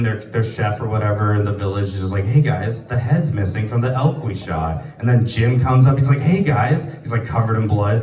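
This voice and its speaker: A man's voice: lowish voice, darkish tone. A man doing a live stand-up set in a small venue, rambling with lots of fillers and laughing at his own jokes. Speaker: stand-up comedian. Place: small comedy venue, sparse audience. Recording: echoey room, mic from a distance.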